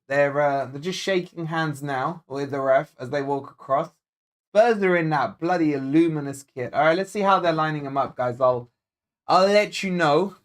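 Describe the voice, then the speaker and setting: A fairly high-voiced man with a Scottish accent hosts a live football watch-along. He keeps it casual and jokey, answering viewer messages one after another. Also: fairly bright tone. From Scotland. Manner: chatty, jokey, reads viewer comments aloud. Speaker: football fan channel host.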